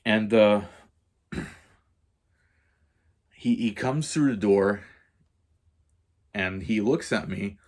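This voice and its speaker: A man's voice: on the low side, extremely slow, pauses often, a little mellow. A man vlogging as he tells a story in a rambling, profane rant, full of fillers and restarts.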